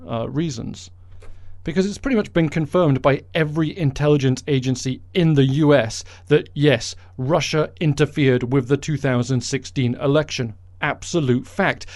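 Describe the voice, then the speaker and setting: A man's voice: on the high side, dark tone, no room sound. A man hosting a podcast, delivering a sarcastic, mocking political monologue. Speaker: podcast host.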